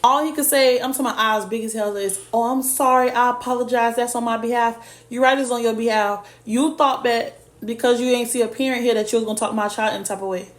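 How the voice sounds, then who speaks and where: A woman's voice: a little high, steady tone, quick pace, few pauses. A woman vlogger and parent heatedly retelling a school incident to her viewers in a casual storytime. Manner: heated, indignant retelling with lots of direct address. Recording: echoey room.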